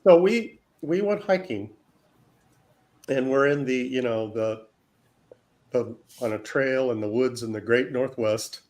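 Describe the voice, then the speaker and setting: Slow-talking man telling a rambling story. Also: mid-range voice, a little mellow. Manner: slow, rambling anecdote teller. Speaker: host of an art livestream. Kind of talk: casual storytelling chat.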